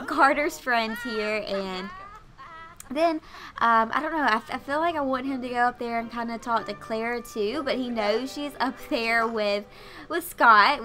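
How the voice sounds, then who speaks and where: A woman's voice: fairly high pitch, bright, forceful tone. A young woman doing casual gameplay commentary, chatty and gushing with lots of fillers. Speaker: let's play host.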